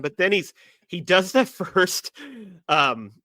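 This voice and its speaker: A man's voice: a little high, measured pace, sharp tone, no echo. A man co-hosting a podcast, chatting casually about a film and laughing as he quotes lines. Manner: laughs while quoting lines. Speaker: podcast co-host. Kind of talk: casual chat.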